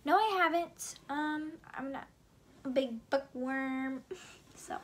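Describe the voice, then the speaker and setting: Bubbly young american girl vlogging, high voice, lots of likes and ums, giggly. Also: slow. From Indiana, USA. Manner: chatty, giggly, many fillers. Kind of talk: casual Q&A vlog.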